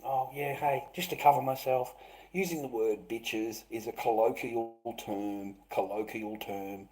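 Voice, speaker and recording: A man's voice: mid-range voice, fairly even intonation, a little slow, a little mellow, poor audio. A middle-aged man rambling through a livestream monologue, swearing often and restarting his sentences. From Australia. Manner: swearing, repetitive, stammering restarts.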